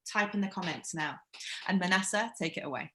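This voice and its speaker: Woman running an online acting workshop, bright voice, chatty and encouraging, echoey room on a video call. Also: on the low side, brisk. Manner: encouraging, chatty coaching with frequent ums. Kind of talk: live-streamed acting workshop.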